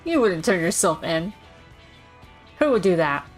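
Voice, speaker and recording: A woman's voice: lowish voice, big pitch swings, unhurried, soft background music. Chatty woman playing a video game. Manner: chatty, reacting and joking as she plays. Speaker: streamer. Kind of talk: casual let's-play commentary.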